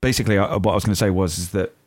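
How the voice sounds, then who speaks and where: Low-voiced man co-hosting a podcast. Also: very fast, no room sound. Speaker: podcast co-host. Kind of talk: casual podcast banter.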